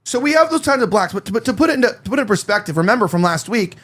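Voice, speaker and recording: A man's voice: high-pitched, very animated, rapid-fire, noisy background. A man hosting a casual panel talk, rambling with many fillers and restarts, from Los Angeles. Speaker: host.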